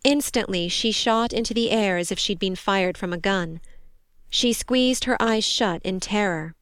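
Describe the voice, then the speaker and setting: Smooth-voiced woman narrating a story. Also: mid-range voice, unhurried, fairly bright tone, dry recording, studio quality. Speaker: audiobook narrator. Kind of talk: scripted narration.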